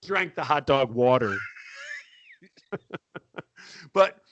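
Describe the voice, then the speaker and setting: A man's voice: medium pitch, drawn-out words, lo-fi sound, a little hiss or hum. A man telling a long story in a casual chat, acting out what people said and laughing as he goes. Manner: animated, acts out quotes with laughter. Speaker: podcast guest storyteller.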